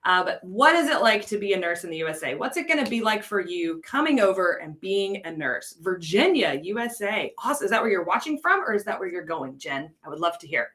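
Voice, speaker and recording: A woman's voice: mid-range voice, sing-song, a little fast, hardly any pauses, fairly bright tone. An American woman coordinating an ESL program, teaching on a casual live stream, chatty, laughing often and answering viewers' comments.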